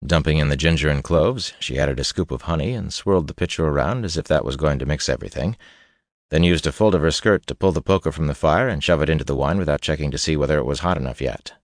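Male audiobook narrator, extremely low voice, measured and steady, dry booth sound. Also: no room sound. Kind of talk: scripted fantasy narration.

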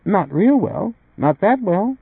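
A man's voice: high-pitched, very animated, slow, creaky, breathy edge, dry recording, narrow, tinny audio, pitched above the performer's own voice, heavily acted. A man voicing a blunt, teasing young pregnant woman in a read-aloud story. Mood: pert.

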